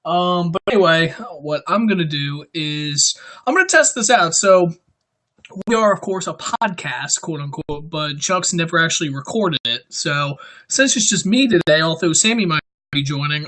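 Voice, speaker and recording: A man's voice: a little high, lively intonation, moderate pace, bright, forceful tone. A young man hosting a casual livestream, greeting viewers by name and joking around. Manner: chatty, greets viewers, jokey. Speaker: livestream host.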